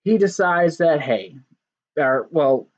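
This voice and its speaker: A man casually recapping a wrestling show, animated, acting out quotes and laughing along. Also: fairly high pitch, slow, lo-fi sound.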